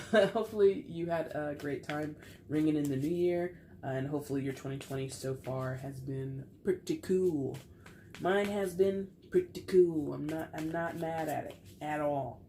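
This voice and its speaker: A woman's voice: sits low, normal speed, mellow, slight background noise. A woman giving a casual tarot reading to camera, chatty and playful with frequent laughter, while getting over a cold. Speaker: tarot reader.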